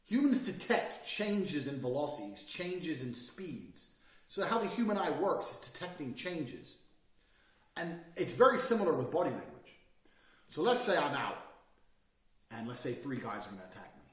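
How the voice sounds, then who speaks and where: A man talking bluntly and profanely in a casual monologue, swinging between loud bursts and quiet, calm lines. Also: a little high, normal speed, reverberant, distant mic.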